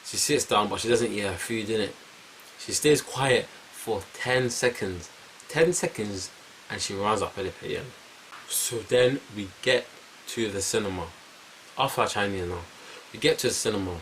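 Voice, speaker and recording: A young man with a London accent telling a casual story to camera, animated and repetitive, full of street slang. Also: lowish voice, normal speed, slight background noise, rough recording. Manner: animated, repeats phrases, heavy slang. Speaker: vlogger.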